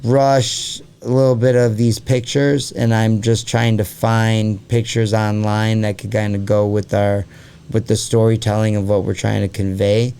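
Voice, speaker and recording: A man hosting a casual podcast, his voice gravelly with a dark, mellow tone. He rambles through his points with a steady stream of "like" and "you know," and swears freely. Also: lowish voice, measured pace. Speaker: podcast host.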